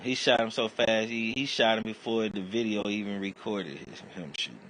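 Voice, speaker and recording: Deep-voiced man rambling on a livestream. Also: steady tone, normal speed, poor audio. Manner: profane, rambling storytelling; acts out quoted voices loudly. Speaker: livestream host. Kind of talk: casual livestream chat.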